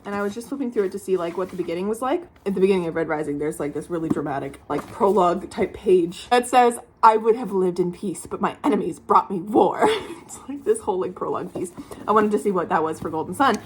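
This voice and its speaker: A woman's voice: lowish voice, animated, fast talker, slight background noise. A young woman book vlogger talking casually at home, chatty and ranting with lots of fillers. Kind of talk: casual chat. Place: room at home, at night.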